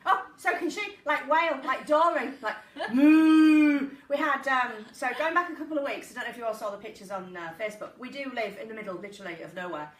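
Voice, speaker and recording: A fast-talking woman with a fairly high, pushed and bright voice barely pauses as she hosts a relaxed living-room live stream, telling stories in a chatty, giggly way. The audio is echoey and distant, with faint noise.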